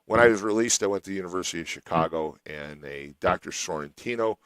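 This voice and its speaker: A man's voice: sits low, fast, fairly bright tone, no room sound, rough recording. A middle-aged man hosting a radio show, telling a long personal story in a rambling way with many restarts.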